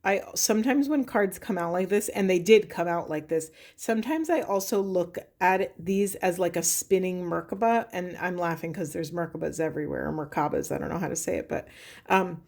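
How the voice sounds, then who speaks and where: A woman's voice: on the low side, normal speed, gravelly, darkish tone. Woman, tarot reader, spiritual reading to camera, reflective, earnest, musing aloud. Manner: earnest, pleading with viewers.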